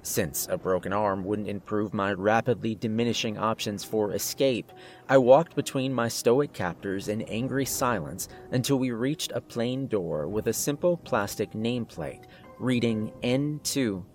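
A man's voice: lowish voice, measured pace, a little mellow, faint music behind. A man narrating a first-person horror story in a tense, scripted way.

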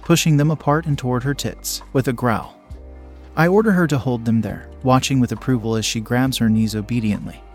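A young man narrating an adult story in first person, reading in a low, steady, unhurried way. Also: faint music behind.

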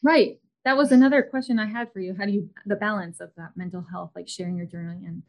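A woman in her thirties hosts a podcast, speaking at a middle pitch. She talks casually and loosely, with plenty of fillers and restarts. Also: quick pace, muffled recording. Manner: chatty, many fillers and restarts. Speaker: podcast host. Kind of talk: casual interview chat.

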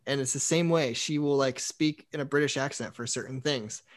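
A young man in casual chat, telling animated stories and saying "like" often. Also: medium pitch, moderate pace. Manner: animated storyteller, acts out quotes, says "like" a lot. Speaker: university staff member.

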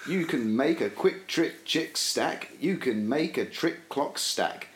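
A man's voice: medium pitch, lively intonation, slow pace. A man co-hosting a podcast who banters playfully and reads a tongue-twister rhyme aloud in a sing-song way. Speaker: podcast co-host. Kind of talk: casual banter, reading a children's rhyme aloud. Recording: roomy echo.

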